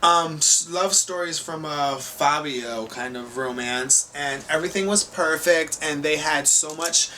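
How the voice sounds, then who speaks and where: Effusive male talk show host, bright voice. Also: on the high side, unhurried, few pauses, a little hiss or hum. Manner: effusive, gushing.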